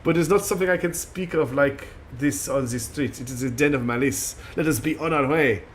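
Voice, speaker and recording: A man voicing a stern, brooding female warrior guardian in a game, with a put-on French accent that slips, speaking low and solemn. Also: brisk, slight background noise, natural voice. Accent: put-on French, slipping. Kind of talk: reading game dialogue aloud.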